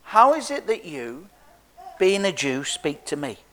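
A man's voice: fairly high pitch, sing-song, measured pace, a bit bright, slight background noise. An Englishman voicing a wary Samaritan woman at a well, asking questions in disbelief. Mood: incredulous. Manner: incredulous, questioning.

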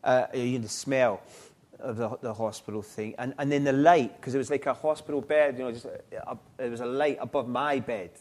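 A middle-aged man, telling his life story in an interview, halting and reflective with frequent restarts. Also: medium pitch, steady tone, darkish tone. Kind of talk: personal testimony in an interview.

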